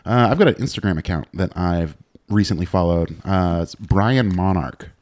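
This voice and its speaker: A young man hosting a podcast with a very low voice. He talks in a laid-back, loose way and drops casual swears. His delivery is easy and unhurried. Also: a little mellow. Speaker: podcast host.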